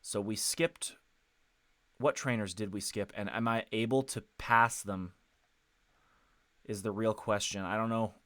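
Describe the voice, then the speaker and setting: A man's voice: fairly low pitch, steady tone, unhurried, long pauses, fairly bright tone, no room sound. Rambling male game streamer, dry mic. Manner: rambling, self-correcting, lots of fillers. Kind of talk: casual gameplay commentary. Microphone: headset.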